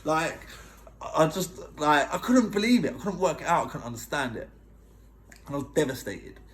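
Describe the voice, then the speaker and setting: A man's voice: fairly high pitch, big pitch swings, normal speed, slight background noise. A man earnestly telling his own story in a casual vlog, emphatic and often checking in with the listener.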